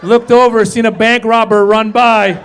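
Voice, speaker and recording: A man performing a stand-up comedy set, energetic, jumping to loud shouted punchlines and acted voices. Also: high-pitched, moderate pace. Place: comedy stage with a live audience. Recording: live club recording, audience laughter and faint noise.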